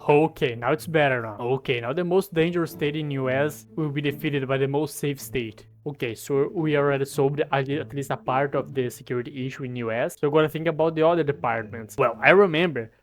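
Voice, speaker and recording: A Brazilian man with Portuguese as his first language, giving mock-pompous, crude comedic commentary in a deadpan boasting manner. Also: mid-range voice, fairly quick, few pauses. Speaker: comedy video creator. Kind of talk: comedic commentary while editing a map.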